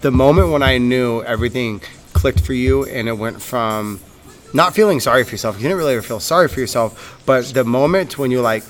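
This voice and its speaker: A man's voice: medium pitch, a little fast, faint music behind. A young man, a coach, co-hosting a casual motivational podcast in a gym, fervent and swearing freely, repeating words when worked up.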